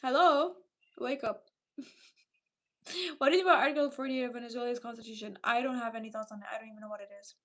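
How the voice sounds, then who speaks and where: A woman in her thirties from Romania, with a Romanian accent mixed with Irish and London English, casually chatting with viewers on a livestream, animated and full of fillers. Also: on the high side, fast talker, long pauses. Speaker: livestream host reading chat.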